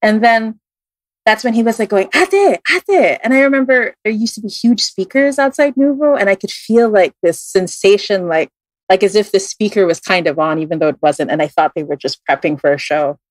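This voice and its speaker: On a podcast, a woman who reads tarot tells a story in a brisk, Filipino-accented voice with no room sound. Her telling is casual, with many fillers and restarts, and she animatedly acts out the quoted voices, jumping widely in pitch.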